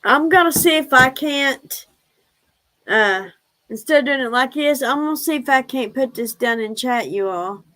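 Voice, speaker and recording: A woman's voice: high voice, animated, normal speed, bright, forceful tone, poor audio. A woman hosting a casual livestream, chatty, laughing often and fondly scolding her pets. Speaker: livestream host.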